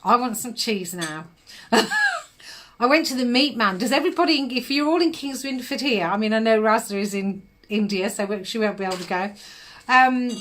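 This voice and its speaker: Chatty woman, slightly high. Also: big pitch swings, normal speed, a bit bright. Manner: chatty, laughs often, calls viewers darling. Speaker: psychic medium giving live readings. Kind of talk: live-stream chat.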